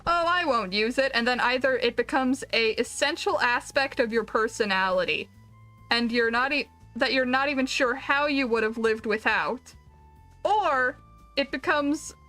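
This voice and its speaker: A woman streamer chats casually while she plays, rambling from one thought to the next with self-deprecating jokes. Her voice is fairly high and bright. Faint music plays behind her. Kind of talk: casual chat while gaming.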